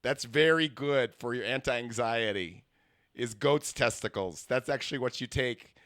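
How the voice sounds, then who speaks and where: A man's voice: medium pitch, a little slow, a bit bright, dry recording, clean studio sound. A man who is a comedian hosting his own podcast, rambling through a comic monologue with lots of fillers and restarts. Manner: rambling, self-mocking, many fillers and restarts.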